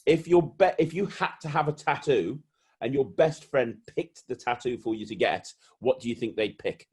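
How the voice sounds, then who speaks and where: A man's voice: medium pitch, animated, normal speed, a little mellow, breathy edge. A man hosting a casual interview, gushing with effusive praise for his guest. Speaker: podcast host.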